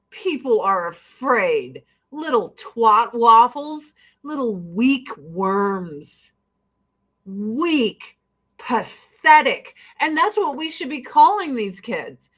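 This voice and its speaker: A woman's voice: medium pitch, fairly bright tone. A woman in her forties ranting casually and profanely to camera while getting ready. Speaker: vlogger.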